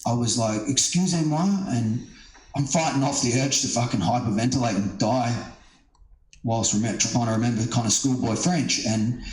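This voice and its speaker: Middle-aged stand-up, mid-pitched, loose profane storytelling full of fillers, roomy echo. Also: male voice, fairly even intonation, moderate pace. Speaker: stand-up comedian. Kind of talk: casual storytelling.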